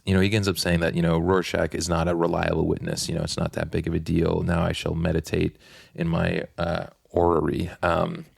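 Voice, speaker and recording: A man's voice: sits low, brisk, gravelly, breathy edge, dry recording, studio quality. A man co-hosting a comics podcast, retelling scenes casually and acting out the quotes. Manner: animated retelling, acts out quotes. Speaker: podcast co-host. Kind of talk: casual chat.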